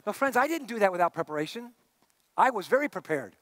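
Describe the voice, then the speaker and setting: A middle-aged man gives a sermon, his fairly high voice moving from hushed asides to emphatic points. The sound is close and dry, with no room around it. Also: very animated, fast, no room sound. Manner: conversational preaching, swinging between hushed and emphatic. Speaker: pastor.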